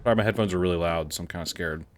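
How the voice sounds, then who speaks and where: A man's voice: deep voice, rapid-fire, slight background noise. A young man giving casual, hyper Let's Play commentary, chatty and prone to mumbling and laughing. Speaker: gaming YouTuber.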